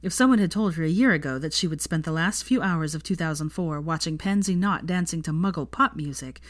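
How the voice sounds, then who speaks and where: Woman reading fan fiction aloud, low-pitched. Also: a little fast, no echo, studio quality. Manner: expressive reading with asides to the listener.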